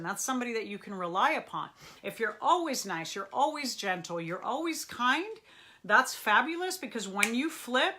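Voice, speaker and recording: A woman therapist talks to her live audience in an intense public-speaking voice. Her tone is firm and emphatic. The timbre is bright and forceful. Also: medium pitch. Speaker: therapist and show host. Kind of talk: live question-and-answer talk.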